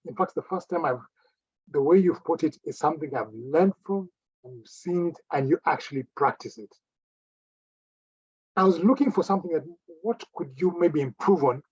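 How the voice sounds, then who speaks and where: A man's voice: fairly high pitch, expressive, moderate pace, a little mellow, slightly rough, dry recording, dull audio. A man giving an encouraging speech evaluation at a club meeting, repeating phrases for emphasis.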